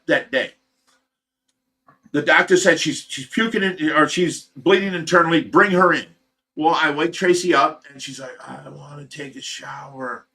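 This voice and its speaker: A man with an Ohio accent hosting a livestream, telling a long personal story in a rambling, animated way and acting out the voices of the people in it. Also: medium pitch. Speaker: livestream host. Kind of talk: casual storytelling.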